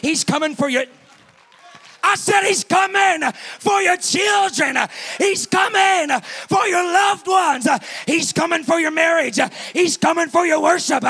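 A man from Texas preaching a sermon, swinging between shouts and hushed tones, with frequent "uh" fillers. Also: extremely high pitch, gravelly.

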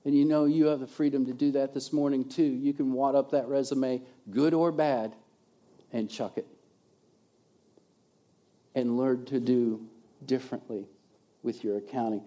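A man preaching a sermon as a pastor, animated, swinging between loud emphasis and quiet asides. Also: medium pitch, unhurried, long pauses, dull audio.

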